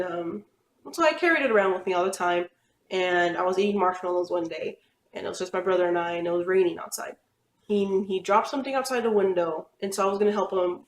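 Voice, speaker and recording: A woman's voice: mid-range voice, slight background noise. Chatty young woman in an echoey room. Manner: rambling, chatty, with frequent fillers and laughs. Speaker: vlogger telling personal stories. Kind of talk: casual storytelling.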